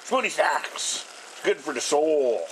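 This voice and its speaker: A man's voice: on the high side, sing-song, takes it slowly, slight background noise. A middle-aged man rambling and swearing nonstop while he shows off his small house and cooks. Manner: blunt, swears constantly, rambling. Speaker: vlogger. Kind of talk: casual profane ranting vlog.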